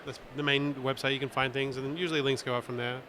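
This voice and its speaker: Relaxed joking man over loud room noise. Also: medium pitch, fast talker. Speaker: guest comic creator. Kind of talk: casual chat. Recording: noisy convention hall.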